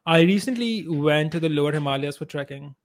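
Male podcast co-host, slightly high voice, relaxed and conversational. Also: brisk. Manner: relaxed, conversational, swears casually. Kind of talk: casual podcast chat.

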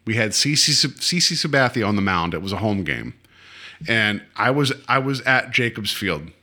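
A man co-hosting a casual podcast after a couple of hours of drinking, his voice bright and sharp. He rambles through stories and corrects himself constantly, with plenty of ums and likes. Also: lowish voice, expressive, moderate pace. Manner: rambling storyteller, lots of fillers and self-corrections. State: tipsy from drinking. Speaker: podcast co-host. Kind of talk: casual chat.

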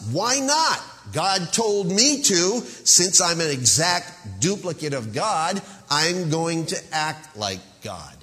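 Man putting on a brash young preacher, high excited voice, yelling, hall echo. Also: slow, few pauses, soft background music, heavily acted. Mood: boastful. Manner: shouting, fervent, hyped. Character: brash young male megachurch preacher, boastful.

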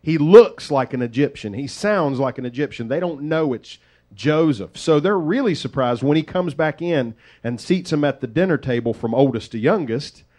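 A man preaching, retelling a story in a lively, conversational way with folksy asides. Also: on the high side, moderate pace. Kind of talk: sermon storytelling.

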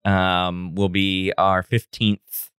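A man in his thirties hosts a relaxed podcast chat, often pausing and restarting his sentences. His voice is low and smooth, with a clean tone. The sound is close and dry. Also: no echo. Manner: hesitant, many restarts and fillers. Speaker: podcast host, teacher.

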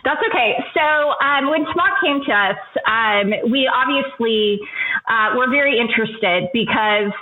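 A woman's voice: a little high, a little slow, sharp tone, poor audio. A woman from Central Texas, a professor speaking as a guest in an interview, friendly, with frequent ums and uhs. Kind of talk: podcast interview.

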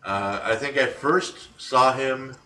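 A man co-hosts a casual chat, rambling along with ums and restarts. His voice is bright and forward. He sounds a bit off the mic in an echoey room. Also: medium pitch, slow pace, recorded from a distance. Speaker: podcast co-host.

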